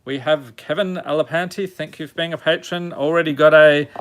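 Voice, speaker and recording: A man's voice: on the high side, steady tone, a little fast, fairly bright tone, smooth. A man hosting a live stream, reading out card names one at a time and joking with his viewers in casual chat. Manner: reads item names one by one, jokes with viewers.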